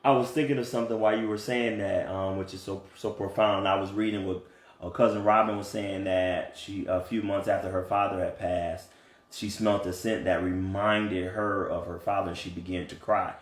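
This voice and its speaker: A man coaching couples in casual talk, earnest and animated, often checking in with "right?". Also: deep voice, moderate pace. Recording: echoey room.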